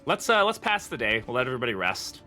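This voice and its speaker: A man's voice: mid-range voice, sing-song, fast, sharp tone, soft background music. A man from the UK giving casual, chatty gameplay commentary while streaming, thinking aloud and chuckling often. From United Kingdom.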